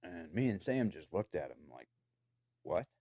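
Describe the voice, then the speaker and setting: A man's voice: deep voice, very animated, normal speed, warm tone, no echo. A man delivering an angry, profane, accusatory rant to the camera from his own room downstairs in a house. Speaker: vlogger.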